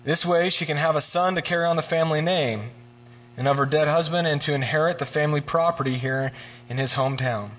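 Man, casual sermon, animated, joking, slightly high-pitched. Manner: animated and joking, acting out characters in quick voices. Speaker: preacher. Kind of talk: casual sermon retelling scripture.

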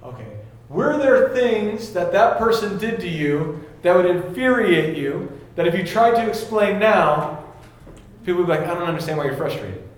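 A young man giving a casual sermon, animated and laughing, acting out voices in his stories. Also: high voice, a little slow. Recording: very echoey room with faint ambience.

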